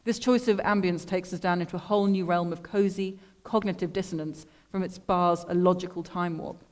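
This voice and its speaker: Woman artist reading her own writing into a mic, dry deadpan tone, steady and measured. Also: lowish voice. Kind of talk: literary reading to an audience. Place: lecture room at an art school. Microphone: microphone.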